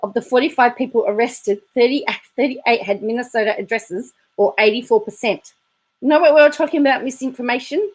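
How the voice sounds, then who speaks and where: A woman's voice: a little high, a little fast, a little mellow. A woman hosting a vlog, chatting casually and reacting to clips with laughs. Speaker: vlog host. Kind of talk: casual commentary.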